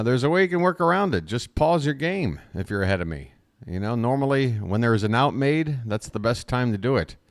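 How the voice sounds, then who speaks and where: A man's voice: fairly low pitch, no echo. A man calling a baseball game as a fan streamer, chatty and self-deprecating, talking straight to his chat on a close desk microphone. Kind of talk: live fan play-by-play commentary.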